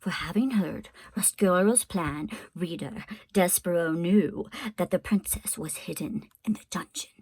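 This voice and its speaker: A woman teacher reading a storybook aloud to her class, in an expressive, unhurried way. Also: on the low side, husky, no room sound.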